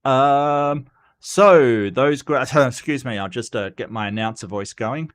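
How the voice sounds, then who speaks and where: Male stream host, mid pitch, joking and rambling, voice a bit rough from a cold. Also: unhurried. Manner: rambling, joking, repeats himself and stumbles. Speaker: host of a commentary channel. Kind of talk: casual livestream commentary.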